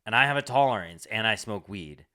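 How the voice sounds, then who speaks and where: Low-voiced young man rambling through a story. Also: lively intonation, brisk, bright, forceful tone. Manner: rambling, swearing, lots of "like". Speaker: comedian podcast co-host. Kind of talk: casual storytelling chat.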